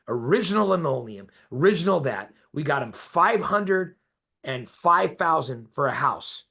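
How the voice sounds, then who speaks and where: A man's voice: fairly high pitch, vocal fry, pushed and bright. A man coaching a group of real estate agents, talking emphatically and pressing his listeners with questions for agreement.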